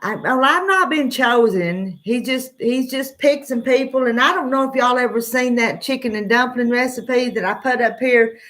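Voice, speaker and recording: A woman's voice: on the high side, moderate pace, hardly any pauses, a bit bright. A woman with a Southern US accent hosting an early-morning livestream, rambling in a laid-back way and greeting her viewers by name. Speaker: livestream host. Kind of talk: casual livestream chat.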